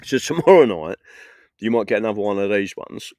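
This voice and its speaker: With slight background noise behind him, a middle-aged man from England talks a little fast in a lowish, darkish, animated voice. The political livestreamer is chatting casually outdoors in a festival field one evening, telling rambling stories, swearing, and laughing at his own jokes.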